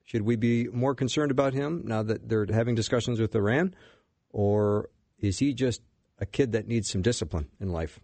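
A man's voice: lowish voice, darkish tone, no room sound. Male talk radio host, dry sound. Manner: brisk, leads the segments, says "uh" often. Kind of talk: political talk radio hosting.

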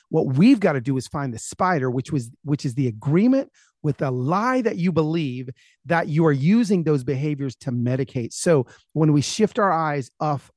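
A man, a guest author, telling a personal story in an interview, fast and animated, with many restarts. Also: a little high, no room sound, studio quality.

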